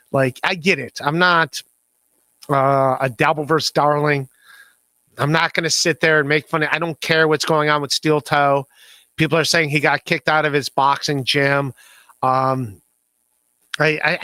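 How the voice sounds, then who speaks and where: A man runs a loose podcast livestream, rambling, laughing at himself and tripping over repeated words as he reads chat. His voice is bright and slightly high. The sound is dry and close, with no room in it. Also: no echo. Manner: rambling, self-deprecating, laughs often, stammers. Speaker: podcast host. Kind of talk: casual livestream chat, reading chat messages.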